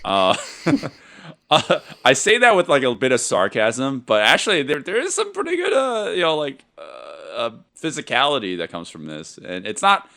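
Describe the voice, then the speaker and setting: A man's voice: mid-range voice, wildly swooping pitch, a little fast, hardly any pauses, bright, forceful tone. A man co-hosting a podcast, rambling and sarcastic in a casual film discussion, laughing often. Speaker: podcast co-host. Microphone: podcast mic.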